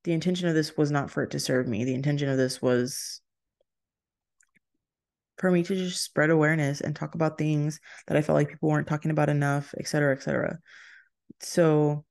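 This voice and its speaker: A woman's voice: sits low, steady tone, brisk, creaky, a little mellow. A young woman from Texas, hosting her solo podcast in a rambling, chatty way, often laughing and breaking off mid-sentence. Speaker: podcast host. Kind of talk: casual solo podcast chat.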